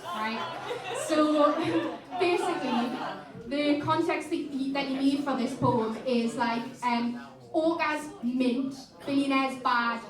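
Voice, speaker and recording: Spoken word poet, female, high register, impassioned and rhythmic, captured live in an echoey venue from a distance. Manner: impassioned, rhythmic delivery with chatty asides. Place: live music venue stage. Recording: echoey room, mic at a distance.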